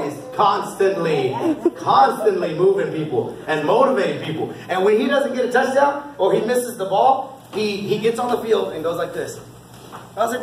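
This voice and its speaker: High-voiced encouraging coach in an echoey hall. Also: male voice, animated, normal speed, far from the mic. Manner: upbeat and encouraging, often laughing. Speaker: youth football coach. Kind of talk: award speech at a team banquet. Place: indoor banquet hall.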